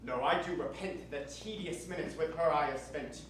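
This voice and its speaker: A man's voice: a little high, moderate pace, a little hiss or hum, lightly acted. A teenage boy playing a lovestruck young nobleman on stage, in earnest verse. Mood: ardent. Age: teens. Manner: earnest verse delivery, softening to intimate. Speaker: stage actor. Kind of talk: stage Shakespeare acting. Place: school theater stage. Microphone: distant room mic. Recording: echoey stage from far off.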